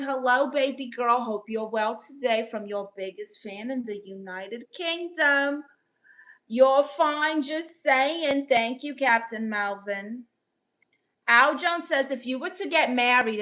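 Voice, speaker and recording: Brooklyn woman, bright fairly high voice, sassy host reading chat with quick comebacks. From Brooklyn, New York. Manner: sassy, quick comebacks, reads comments aloud. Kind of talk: casual livestream chat.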